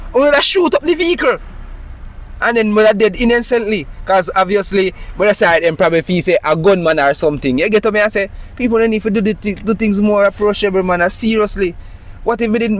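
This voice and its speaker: A man's voice: high voice, a bit bright. A man with a Jamaican accent, speaking in an agitated, emphatic monologue full of rhetorical questions. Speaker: citizen recounting a police stop. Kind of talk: impassioned monologue.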